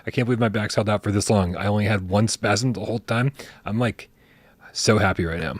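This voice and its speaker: A man's voice: fairly low pitch, brisk, dry recording. A man hosting a casual live stream, chatty and joking as he reads out viewer tips. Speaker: podcast host.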